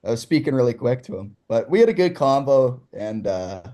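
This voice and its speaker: Mellow-voiced young man from Ontario. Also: medium pitch, brisk. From Ontario, Canada. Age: young adult. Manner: excited, laughs through his story. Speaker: guest. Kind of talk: casual storytelling.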